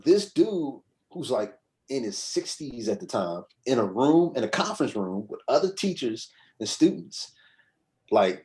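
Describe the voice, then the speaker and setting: A slightly mellow, mid-range male voice belongs to a podcast guest telling a casual story. He wanders conversationally and repeatedly asks "you know what I'm saying" to keep his listener with him.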